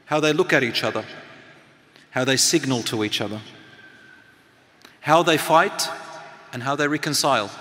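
Bright-voiced man speaking in an echoing hall. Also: a little high. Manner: engaging, draws the audience in with questions and activities. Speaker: speaker and teacher. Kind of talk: motivational talk to a live audience. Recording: long hall reverb.

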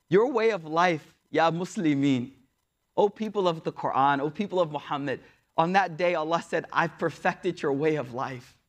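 A man preaching a story sermon in a casual, slangy way, moving between hushed, soft passages and excited bursts. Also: on the high side. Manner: casual slangy preaching, recites Arabic verses quickly.

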